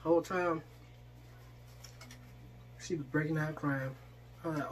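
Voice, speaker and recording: A woman's voice: low-pitched, steady tone, a little slow, a little hiss or hum. A woman in casual storytelling style, speaking, acting out the people she quotes while eating on camera. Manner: chatty, acts out quoted voices, eating while talking. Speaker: vlogger.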